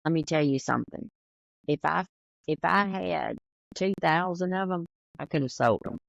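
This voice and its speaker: Southern woman co-host, gravelly drawl, dry muffled mic, casual storyteller. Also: sits low, normal speed, dry recording. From American South. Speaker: podcast co-host, hairstylist. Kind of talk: casual chat.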